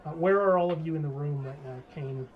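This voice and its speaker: A man's voice: on the high side, brisk, phone-quality sound, slight background noise. A man narrating as game master of a tabletop game, describing scenes with many fillers.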